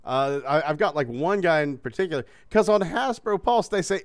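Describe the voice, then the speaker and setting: A man's voice: a little high, animated, normal speed, hardly any pauses, no room sound, clean studio sound. A man hosting a casual podcast, joking, swearing and laughing often. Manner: profane, joking, laughs a lot. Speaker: host.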